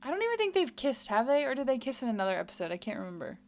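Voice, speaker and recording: A woman co-hosts a podcast in a casual, animated voice. She recaps a story with easy enthusiasm and a ready laugh. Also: sits high. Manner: chatty, animated retelling, quick to laugh. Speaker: podcast co-host. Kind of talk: casual chat recapping a TV episode.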